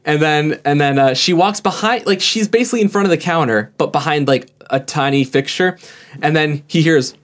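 A man's voice: a little high, a little fast. A young man telling a story to friends in casual chat, rambling and often stumbling over repeated words.

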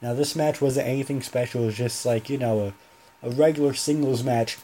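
A man's voice: medium pitch, steady tone, a little fast, mellow, a little hiss or hum. A young man hosting a solo podcast, talking casually and rambling, often correcting himself mid-sentence. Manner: rambling, self-correcting, chatty. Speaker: podcast host.

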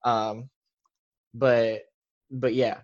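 A man's voice: mid-range voice, flat delivery, drawn-out words, dull audio. Young man rambling through a story. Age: young adult. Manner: rambling, heavy on filler words. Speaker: podcast guest. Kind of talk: casual storytelling.

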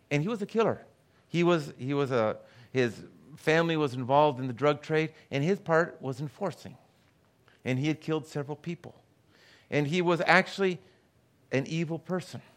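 A middle-aged man preaching a sermon as a guest pastor, telling stories and acting out the people he quotes. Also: on the high side. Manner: storytelling, acts out the voices of people he quotes.

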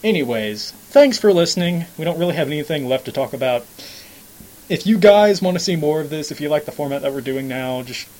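A man's voice: on the high side, animated, brisk, darkish tone, poor audio. A young man co-hosting a casual gaming podcast, rambling and laughing, with hiccups. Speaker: podcast co-host. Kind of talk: casual chat.

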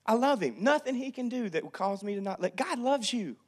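A pastor in his thirties preaching a sermon, acting out family quarrels and swinging from loud to hushed. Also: high-pitched, lively intonation, fast talker.

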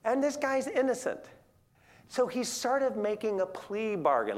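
A preacher teaching through a Bible passage in a relaxed, conversational way, paraphrasing scripture in everyday words and putting questions to the listeners. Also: medium pitch, measured pace. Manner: animated, asks the audience questions.

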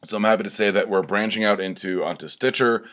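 Rambling low-voiced man hosting a podcast. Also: fast, fairly bright tone. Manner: rambling, profane, lots of fillers and restarts. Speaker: podcast host. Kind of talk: casual solo podcast chat.

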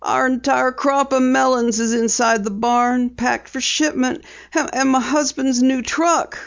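A reader voicing a farm woman in a storybook reading, speaking flatly and without tone. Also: sits high, unhurried, vocal fry, pitched above the performer's own voice. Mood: stunned. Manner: flat, toneless delivery. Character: worried farm woman watching her barn burn. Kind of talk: audiobook character reading. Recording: dull lo-fi recording.

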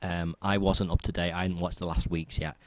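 A man co-hosting a podcast in casual chat, rambling and trailing off into quiet asides. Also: low-pitched, level tone, fairly quick, very noisy. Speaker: podcast co-host.

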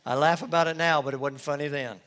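A man's voice: on the high side, fairly bright tone. A middle-aged man, a lead pastor telling a personal story in a sermon with folksy, self-deprecating humor.

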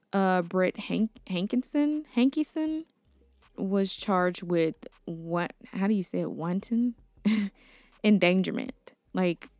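A woman's voice: lowish voice, a little mellow, dry recording. A young woman hosting her own podcast, talking earnestly and outspokenly, sometimes stumbling over names. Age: young adult. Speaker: podcast host. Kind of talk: casual solo podcast commentary.

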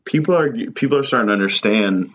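A man's voice: medium pitch, lively intonation, quick pace, a bit bright, highs cut off. A man hosting a podcast in casual comedic chat, crude and joking, often slipping into mock voices. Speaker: podcast host.

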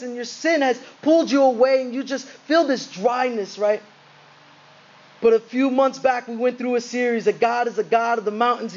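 Male pastor, very high voice, earnest conversational sermon, muffled lo-fi recording. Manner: earnest, conversational preaching with rhetorical questions.

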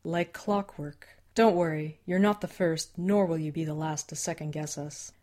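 A woman voicing a gruff, grumpy female wolf shapeshifter in an audiobook, blunt and threatening. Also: deep voice, steady tone, moderate pace, a little mellow.

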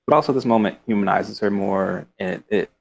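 A man's voice: fairly low pitch, brisk, vocal fry, lo-fi sound, slight background noise. A man casually discussing a book, reading passages aloud and rambling with laughs. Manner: rambling, with frequent fillers and laughs.

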